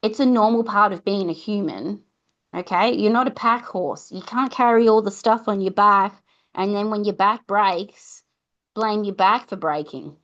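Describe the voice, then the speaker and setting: A woman's voice: mid-range voice, unhurried, dull audio. A woman hosting a podcast, talking casually and giving reassuring advice to mums, sometimes acting out little conversations with a child. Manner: chatty, warm reassurance, acts out mum-and-child exchanges. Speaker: podcast host.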